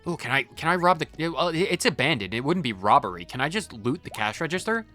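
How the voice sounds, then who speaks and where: Let's play host, goofy commentary, bouncy pitch, faint game music. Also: sing-song, fast, pushed and bright. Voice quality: playful, goofy. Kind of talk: casual gameplay commentary.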